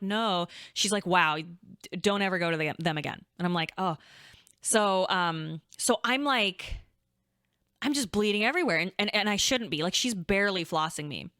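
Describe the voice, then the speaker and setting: A young adult woman co-hosting a podcast, telling a story in casual chat, animated and chatty, swearing freely and acting out quotes. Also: lowish voice, smooth, no echo, clean studio sound. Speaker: podcast co-host.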